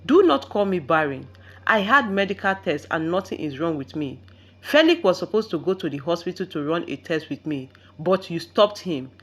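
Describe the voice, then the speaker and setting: A woman's voice: fairly low pitch, animated, normal speed, slightly rough. A woman voicing a hurt young wife who pleads tearfully in a storybook reading. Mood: upset.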